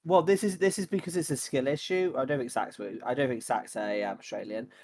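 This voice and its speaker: A man's voice: medium pitch, a little fast, darkish tone. A young man co-hosting a casual podcast, trading teasing jokes with his friends. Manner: teasing, joking banter. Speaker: podcast co-host.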